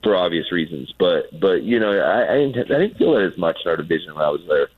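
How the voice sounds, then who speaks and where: A man's voice: low-pitched, lively intonation, fast talker, slightly rough, dry recording, phone-quality sound. Guy talking ball stories on the radio, acts out the quotes, repeats himself, thin phone-ish sound. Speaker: former player, radio co-host. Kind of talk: casual storytelling chat.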